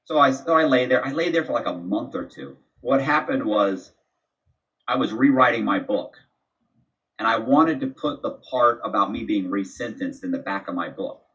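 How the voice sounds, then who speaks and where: A man's voice: mid-range voice, animated, normal speed, a bit bright. A man tells a long story as an interview guest, rambling and acting out bits of dialogue, often restarting his sentences. His voice sits in a middle range and comes across from some distance. The recording is muffled and lo-fi. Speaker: podcast guest. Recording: distant, dull lo-fi sound.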